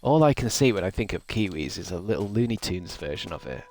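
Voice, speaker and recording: A man's voice: low voice, very animated, quick pace, darkish tone, rough recording. A man, streaming a game and chatting casually with viewers in a rambling way, laughing often. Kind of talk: casual gaming livestream chat.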